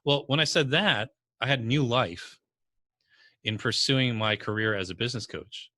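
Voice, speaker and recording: Blunt, punchy New York-area business coach. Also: male voice, medium pitch, moderate pace, dry recording. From New Jersey or New York. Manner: blunt, energetic storytelling with strong language. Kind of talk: podcast interview answers.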